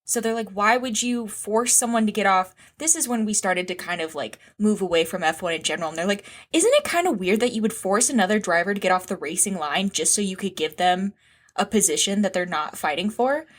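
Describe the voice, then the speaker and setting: Woman co-host on a podcast, mid pitch, dry sarcastic jokes. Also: animated, quick pace. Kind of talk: casual chat.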